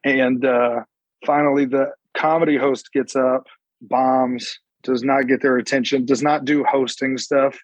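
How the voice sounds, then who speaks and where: A man's voice: medium pitch, no echo, rough recording. A young man, a stand-up comedian telling stories in casual chat and acting out what people said. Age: young adult. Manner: animated, acts out quotes with quick bursts.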